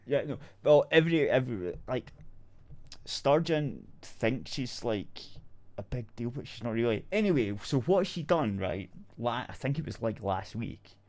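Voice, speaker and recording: A man's voice: mid-range voice, sing-song, measured pace, a little mellow. A man, co-hosting a podcast in casual chat, ranting bluntly and swearing freely. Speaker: podcast co-host.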